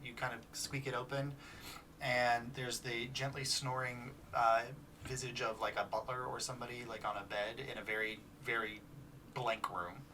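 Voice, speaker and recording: Casual male game master, halting and chatty, recorded slightly off-mic. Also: medium pitch, level tone, bright, forceful tone, distant mic, slight background noise. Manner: casual, halting, many fillers. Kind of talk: narrating a tabletop game.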